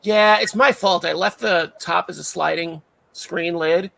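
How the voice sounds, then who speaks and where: Raspy gravelly guy hosting a stream, kinda rambly, voice a bit high. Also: steady tone, a little slow, a crowd in the background, rough recording. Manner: chatty and rambling, with many fillers. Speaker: livestream host. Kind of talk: casual chat.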